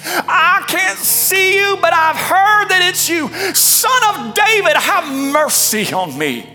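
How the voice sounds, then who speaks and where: A preacher acting out a desperate blind beggar man who shouts and pleads for mercy. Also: extremely high pitch, very animated, takes it slowly, soft background music, pitched above the performer's own voice, full character voice. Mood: pleading.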